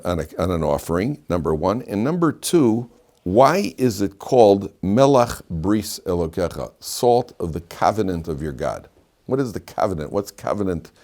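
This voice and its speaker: An older man teaches a relaxed Torah class in a very low voice. He wanders into stories and restarts his sentences often, like a chatty lecturer. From Chicago. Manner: chatty, digressive storyteller with frequent restarts. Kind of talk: informal Torah class with anecdotes.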